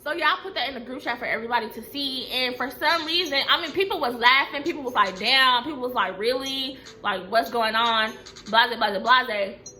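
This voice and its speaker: A young woman telling a casual storytime, profane, emphatic and animated. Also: sits high, brisk.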